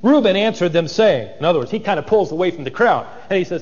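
A man's voice: a little high, lively intonation, fast, few pauses, darkish tone, in a large hall, lo-fi sound. A man preaching an expository sermon, dramatic and acting out the voices of biblical figures.

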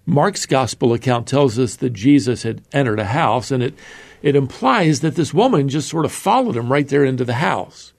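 Man, Bible teacher, gravelly voice, mid-pitched, conversational, explaining verse by verse. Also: darkish tone. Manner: conversational, explanatory, with fillers and restarts.

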